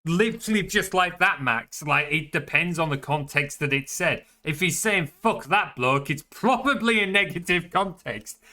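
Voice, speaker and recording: A man's voice: on the high side, expressive, normal speed, few pauses, pushed and bright. A man explaining things in casual voice chat while gaming, padding his talk with many fillers. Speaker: server player.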